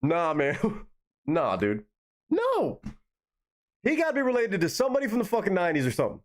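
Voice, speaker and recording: An excitable young man reacts live to songs, his pitch leaping up and down as he goes. He swears freely and repeats lines back in disbelief. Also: quick pace. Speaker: music reaction streamer.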